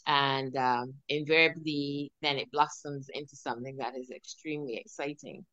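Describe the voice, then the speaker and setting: A woman's voice: extremely low pitch, fairly even intonation, normal speed, a bit bright, no room sound. Woman, podcast host, hesitant with fillers, dry close sound, dull lo-fi audio. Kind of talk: podcast interview.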